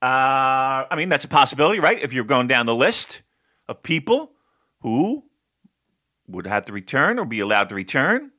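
Man, podcast co-host, lively pitch swings, bright tone, joking manner. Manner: joking, animated, with a put-on slow describing voice at times. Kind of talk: casual podcast chat about wrestling.

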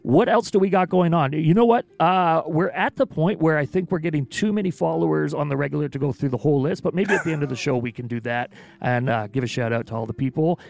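Guy co-hosting a stream, kinda high voice with gravel in it, jokey and chatty. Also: fast, hardly any pauses, darkish tone. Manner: chatty, jokey, lots of fillers. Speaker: stream co-host. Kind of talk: casual stream announcements.

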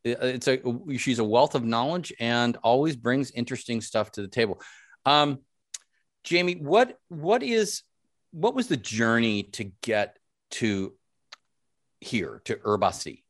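A man's voice: mid-range voice, sing-song, a little slow, dry recording, studio quality. A man hosting a podcast, upbeat and rambling, with fillers and some mild swearing. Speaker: podcast host. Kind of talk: casual interview chat.

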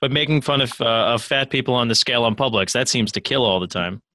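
Bright-voiced wry male podcast co-host. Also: mid-range voice, quick pace, dry recording. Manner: wry, sarcastic quips, swears. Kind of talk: casual podcast chat.

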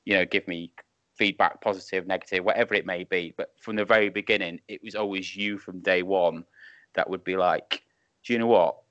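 Low-voiced man, rambling anecdotes. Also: sharp tone, dry recording. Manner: rambling anecdotes with chuckles and restarts. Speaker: wrestling referee and podcast guest. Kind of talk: casual chat. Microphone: video call. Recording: muffled Skype call audio.

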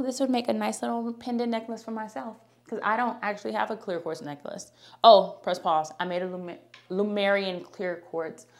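A young adult woman hosting a podcast, chatty and animated, talking directly to her listeners and reading her own ad. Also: mid-range voice. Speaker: podcast host. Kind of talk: casual podcast talk with ad read.

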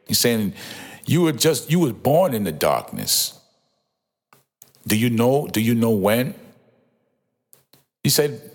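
A man's voice: mid-range voice, big pitch swings, takes it slowly, pauses often. A man giving an informal, emphatic Bible commentary, often repeating himself and exclaiming in awe. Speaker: Bible teacher.

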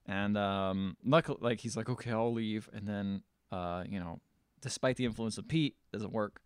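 A man's voice: lowish voice, moderate pace, clear, resonant tone, no echo, studio quality. A man on a podcast casually recapping a movie plot, rambling, joking and correcting himself as he goes. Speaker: podcast co-host.

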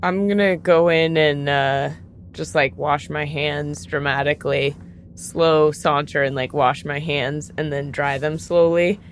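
A woman's voice: sits low, steady tone, a little slow, slight background noise. A woman playing a tabletop game, talking casually and playfully, with many fillers and laughs. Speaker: player. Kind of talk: casual tabletop role-play.

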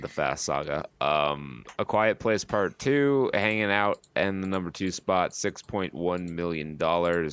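Man, podcast co-host, deep voice, wry box office rundown. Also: a bit bright, clean tone. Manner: wry, quick asides. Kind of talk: reading box office numbers in casual podcast chat.

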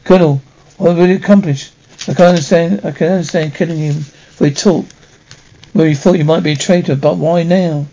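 Man playing a stern military officer, 1960s TV drama, clipped formal lines, gravelly, dull old soundtrack. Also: on the high side, steady tone, brisk, dark tone, slight background noise, close to an everyday voice. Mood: tense.

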